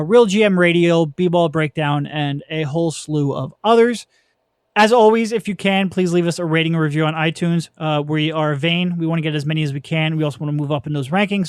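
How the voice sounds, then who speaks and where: A man's voice: on the high side, smooth, no room sound, clean studio sound. Chatty man hosting a sports podcast. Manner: chatty, laughs easily, quick asides. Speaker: podcast host. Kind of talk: casual sports podcast chat.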